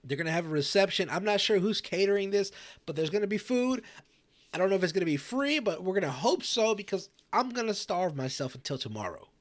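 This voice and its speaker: A man's voice: sits high, very animated, fairly quick, no echo. A man co-hosting a role-played talk show, joking around, repeating himself and giggling.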